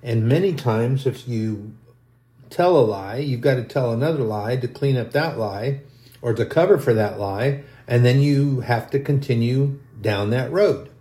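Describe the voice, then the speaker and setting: A man's voice: mid-range voice, unhurried, mellow. Folksy rambling male preacher, roomy sound. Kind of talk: storytelling sermon.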